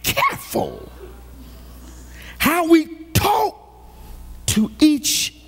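Male pastor, high lively voice, slow deliberate preaching with shouted peaks. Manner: preaching with shouted rises and playful teasing of the congregation. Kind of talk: sermon. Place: church sanctuary.

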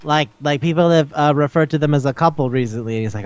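Man, podcast co-host, casual chat, smooth clear voice, slightly raised pitch, muffled lo-fi sound. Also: quick pace, no echo. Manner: animated recapping, acting out quotes, swears freely.

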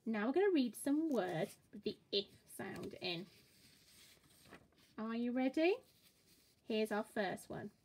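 A woman teaching a children's phonics lesson, modelling each sound slowly and cheering the listener on. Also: fairly high pitch, expressive, darkish tone. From England. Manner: slow, encouraging, exaggerated sound-by-sound modelling.

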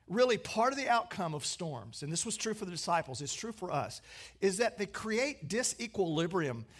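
A man preaching a sermon, swinging between emphatic, raised lines and hushed, quiet ones. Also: high-pitched, big pitch swings, moderate pace, slightly rough. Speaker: pastor.

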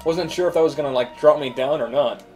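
A man's voice: on the high side, fast, a little mellow, faint music behind. A man hosting a let's play, chatting and thinking aloud as he plays. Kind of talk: gameplay commentary.

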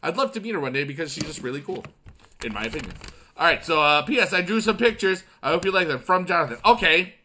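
A young man from upstate New York hosting a casual gaming video, chatting while reading fan mail and bursting into excited cheers. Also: on the high side, quick pace, a little hiss or hum. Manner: excitable, swings into loud shouting cheers. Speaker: YouTube gaming channel host.

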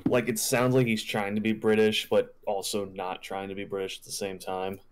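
A man's voice: fairly low pitch, monotone, moderate pace. A man chatting on a game stream, explaining things in a loose, meandering way. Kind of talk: casual live gaming chat.

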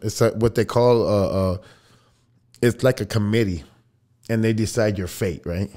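A man's voice: lowish voice, normal speed, warm tone. A man, a podcast guest telling a long story in casual, profane, laughing talk. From El Paso, Texas. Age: 40s.

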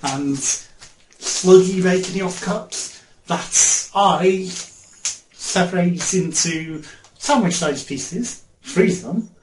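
A man's voice: high voice, extremely slow. A man chatting casually through a haul video, rambling, laughing often and sometimes talking with his mouth full. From England. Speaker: vlogger. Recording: echoey room with faint noise.

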